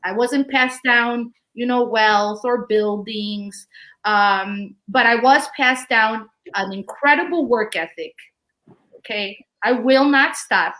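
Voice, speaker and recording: A woman's voice: on the high side, takes it slowly, fairly bright tone. A woman in her forties, a guest speaker on a town hall panel, telling a personal story in an earnest, passionate way over a video call. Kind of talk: casual panel talk.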